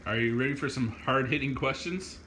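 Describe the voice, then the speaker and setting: A man hosting a hot sauce challenge among friends, teasing and excitable in casual banter. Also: medium pitch, fairly quick. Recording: echoey room with faint noise.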